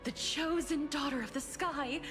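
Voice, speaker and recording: An awed, adoring townsperson. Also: female voice, high voice, a bit bright. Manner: slow, awed and fervent. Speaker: game character. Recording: game audio with reverb and music.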